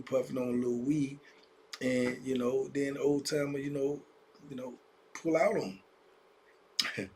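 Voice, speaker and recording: A man's voice: on the high side, slight background noise. A man telling prison stories in a casual, conversational way, speaking directly to young listeners. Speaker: storyteller. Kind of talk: casual storytelling vlog.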